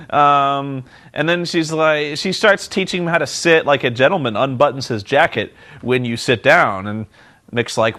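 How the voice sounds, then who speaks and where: A man's voice: mid-range voice, a little slow, sharp tone. Sarcastic man recapping wrestling. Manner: sarcastic, mocking, acts out quotes in silly voices. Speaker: reviewer.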